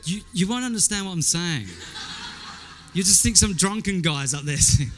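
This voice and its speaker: A man's voice: sits high, animated, normal speed, music in the background. A man preaching a sermon in a conversational way, asking his listeners rhetorical questions, repeating words as he goes and quoting people in character.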